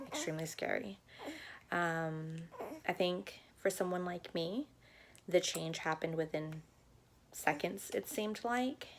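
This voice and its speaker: Young woman vlogger, low gravelly voice, candid chatty storyteller. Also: slight background noise. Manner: candid, chatty, frequent ums. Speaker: new mother vlogger. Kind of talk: casual personal storytelling.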